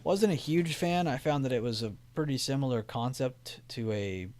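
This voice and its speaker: This young man speaks at medium pitch and a moderate pace, his tone somewhat dark. He's loosely chatting on a stock trading live stream, reading chat and restarting sentences, while faint music plays behind him.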